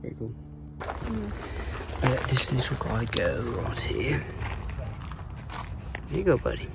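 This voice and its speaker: A young man with a casual, excited manner narrates an outdoor reptile-spotting vlog in a park, often talking softly to the animals. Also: medium pitch, slow. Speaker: reptile vlogger. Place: outdoors in a state park and an alligator farm. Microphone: camera-mounted shotgun mic. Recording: outdoor recording with clear background noise.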